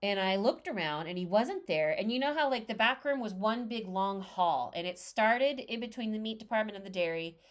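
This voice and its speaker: A woman's voice: mid-range voice, moderate pace, few pauses. A woman co-hosting a podcast, telling a story in casual chat and acting out the quoted dialogue. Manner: animated, acts out quoted dialogue. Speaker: podcast co-host.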